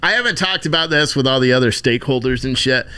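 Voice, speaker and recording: A livestream host with a medium-pitched, sharp, clean voice talks at a quick pace. He chats casually and rambles with heavy swearing, thanking donors by name as donations come in.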